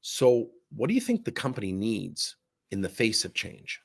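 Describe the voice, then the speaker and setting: A man's voice: fairly low pitch, normal speed, gravelly, husky. A middle-aged man, a leadership coach, telling workplace stories on a livestream and acting out both sides of each conversation. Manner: animated storyteller, acts out both sides of conversations. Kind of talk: livestream talk with acted anecdotes.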